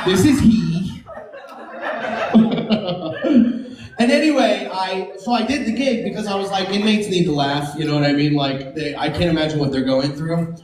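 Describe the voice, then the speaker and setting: A man performing a stand-up comedy set, animated and jumping into silly high voices for his bits. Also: moderate pace. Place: comedy club stage. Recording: echoey club from a distance with crowd laughter. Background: audience laughing.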